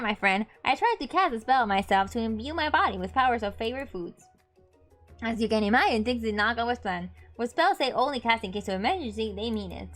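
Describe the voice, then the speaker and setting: Woman doing a sneaky spork monster guy, a former student, theatrical and sly, kinda high voice. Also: lightly acted. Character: mischievous male spork monster, once a student. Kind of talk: reading game dialogue aloud.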